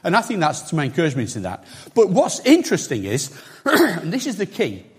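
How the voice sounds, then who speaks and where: Husky-voiced man preaching a lively sermon. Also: fairly high pitch, brisk. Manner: conversational, emphatic with asides.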